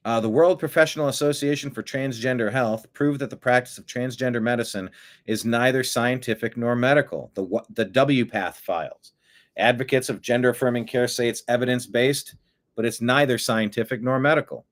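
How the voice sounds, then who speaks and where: A man's voice: mid-range voice, fairly quick. A middle-aged man hosting an online political commentary show, blunt and sarcastic with rambling asides.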